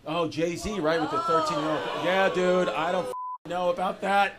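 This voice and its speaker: A man's voice: high voice, steady tone, normal speed. A young man doing loose, profane stand-up crowd work, laughing through his riffs on a club stage. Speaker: stand-up comedian. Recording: noisy live club recording.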